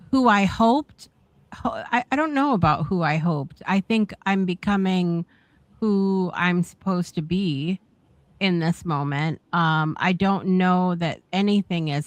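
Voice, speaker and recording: Slow, low-voiced woman host. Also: no room sound. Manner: halting, many fillers and restarts. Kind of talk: reflective casual chat.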